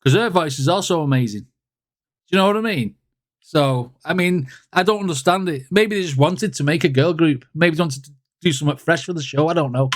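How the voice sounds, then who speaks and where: A man's voice: fairly high pitch, brisk, no room sound. A man hosting a music reaction video, chatting casually and rambling, with lots of fillers.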